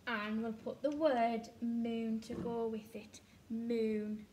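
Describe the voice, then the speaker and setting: A woman's voice: on the high side, level tone, slow, noisy background. A woman teacher with an English accent, giving a recorded phonics lesson to young children and sounding out letters patiently. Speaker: reception class teacher. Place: indoors at a table with a book page.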